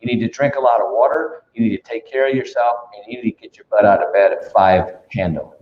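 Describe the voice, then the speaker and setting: A man's voice: medium pitch, quick pace, roomy sound, phone-quality sound. A man, a sales coach, talking as a guest in a punchy, preachy motivational way, with lots of "come on" asides. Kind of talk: energetic motivational talk.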